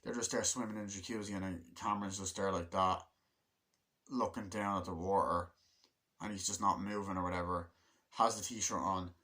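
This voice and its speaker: A young man giving a casual spoken film review, rambling, swearing often and acting out scenes in quick quoted voices. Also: deep voice, fairly even intonation, pushed and bright. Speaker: movie reviewer.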